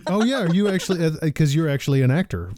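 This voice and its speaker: A man's voice: a little high, expressive, fast talker, crowd noise. A man hosting a casual podcast chat, playful, laughing often and sometimes losing his thread mid-sentence. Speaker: podcast host.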